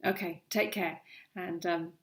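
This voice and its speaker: A woman's voice: fairly low pitch, fairly even intonation, a little slow, creaky. A middle-aged woman, a coach, giving earnest, emphatic advice straight to the viewer in a vlog. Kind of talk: direct-to-camera advice vlog.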